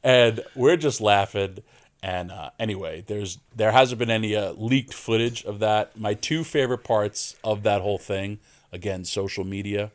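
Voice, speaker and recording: A man's voice: on the low side, normal speed. A man, a wrestler guest on a podcast, telling stories in casual chat and acting out the lines of the people in them. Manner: animated storyteller, acts out quoted lines. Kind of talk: casual interview storytelling.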